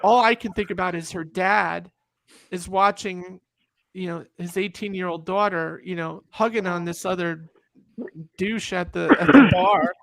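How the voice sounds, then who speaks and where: A middle-aged woman tells a story to friends, her voice gravelly and full of fry. She acts out each quote and often restarts her sentences. The sound is dry and close. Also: fairly low pitch, steady tone, measured pace, no room sound. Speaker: guest. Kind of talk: casual storytelling on a group call.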